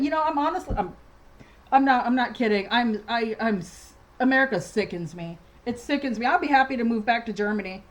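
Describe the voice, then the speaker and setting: A woman with a slightly high voice vents in a casual home vlog. She rambles, restarts her sentences and fills pauses, sounding agitated. She talks from her dining room. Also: animated, low-quality recording. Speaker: vlogger.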